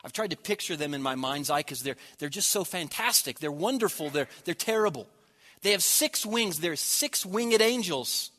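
A man preaching a sermon, swelling loud on key words and dropping to a near hush at the ends of phrases. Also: fairly high pitch, lively intonation, moderate pace.

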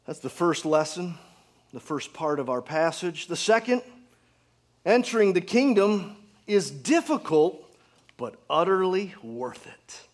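A pastor preaching a sermon to his congregation, earnest, asking rhetorical questions and dropping to a hushed tone for emphasis. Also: high-pitched, big pitch swings, measured pace.

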